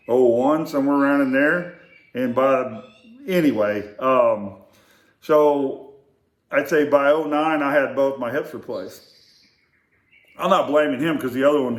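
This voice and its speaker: An older man casually telling family stories, in a rambling, halting way with many fillers and restarts. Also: medium pitch. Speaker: storyteller. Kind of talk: casual storytelling. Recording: echoey room.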